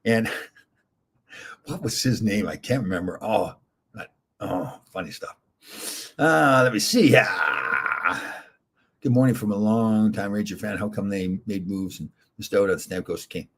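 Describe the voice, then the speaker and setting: A middle-aged man talks loosely and at length, drifting between stories and viewer questions from his chat. His voice sits low and a little husky. The delivery is off-the-cuff and conversational. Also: lively intonation, unhurried, fairly bright tone. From Canada. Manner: rambling, chatty, reads viewer comments aloud. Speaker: livestream host answering chat. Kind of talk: casual chat.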